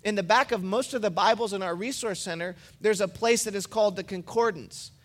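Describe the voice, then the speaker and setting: A pastor with a high-pitched voice gives a sermon from the pulpit. He preaches in a relaxed, conversational manner and weaves personal stories into his points. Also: fairly quick.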